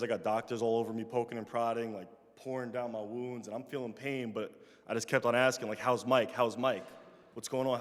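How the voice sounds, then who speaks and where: A young man tells a personal story to a chapel audience, his voice carrying a long reverb through the large space. He talks in an ordinary middle register, animated, acting out the people he quotes, then going quiet and soft when he reflects. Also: mid-range voice. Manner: animated, acts out quoted voices, trails off softly in reflective moments. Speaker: guest speaker.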